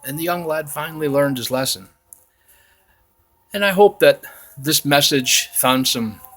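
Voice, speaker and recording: A man's voice: medium pitch, fairly bright tone. Homespun man telling a folksy tale. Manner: rambling, homespun, repeats "he says". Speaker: storyteller in costume persona. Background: faint chanting.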